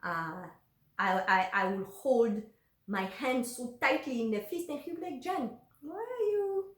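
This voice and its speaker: Woman vlogging about her life, emotional and candid, lots of restarts, bit high voice. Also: animated, unhurried, roomy sound. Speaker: vlogger telling a personal story. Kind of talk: casual personal storytelling.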